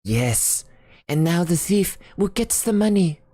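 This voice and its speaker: A woman voicing a middle-aged father who stammers and blusters in excitable, indignant bursts. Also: fairly low pitch, unhurried, slightly rough, no room sound, clean studio sound, voice pushed up. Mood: fretful.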